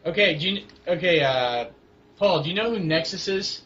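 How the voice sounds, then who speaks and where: A young man with a fairly high voice rambles through a casual wrestling chat, often stalling on fillers and restarts. The recording sounds dull and lo-fi, with a faint hiss underneath. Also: animated, normal speed, fairly bright tone. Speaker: co-host of a wrestling blog.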